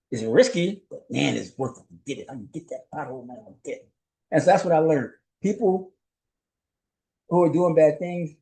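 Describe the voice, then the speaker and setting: A male host and journalist gives a solo commentary recap in a medium-pitched voice over a rough recording. His style is conversational and rhetorical, with a habit of asking "right?" and chuckling often.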